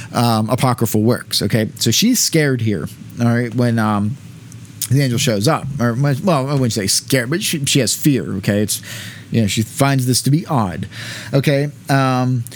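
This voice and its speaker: A man giving an informal lecture, reading passages aloud with many fillers and casual asides. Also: mid-range voice. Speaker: teacher.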